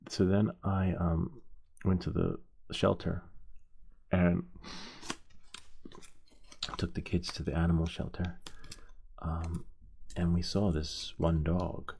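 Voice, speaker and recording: Gravelly, mellow-voiced man telling a story. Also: low voice, little pitch movement. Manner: rambling, halting, with many restarts. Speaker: host of a soldering live stream. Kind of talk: casual storytelling while soldering.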